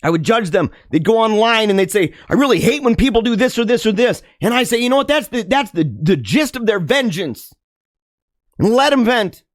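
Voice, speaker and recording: A man delivering an impassioned monologue to his listeners, preachy and dramatic, laughing often and swinging from loud to hushed. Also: sits high, expressive, normal speed, dry recording, studio quality. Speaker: podcast host.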